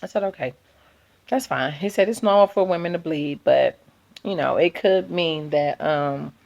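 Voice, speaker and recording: Woman vlogger in her 30s, kinda low voice with lots of fry, chatty and animated talking to y'all. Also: moderate pace, lo-fi sound. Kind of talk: casual storytelling to viewers.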